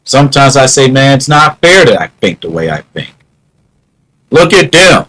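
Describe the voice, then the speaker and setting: A man's voice: medium pitch, very animated, normal speed, a bit bright, low-quality recording. A man musing in a casual vlog monologue, wry and half-joking. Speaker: vlogger.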